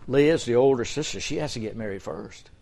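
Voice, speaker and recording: A man's voice: medium pitch, brisk, warm tone, lightly acted. An older man voicing a shrewd, scheming uncle who drives a hard bargain, blunt and matter-of-fact.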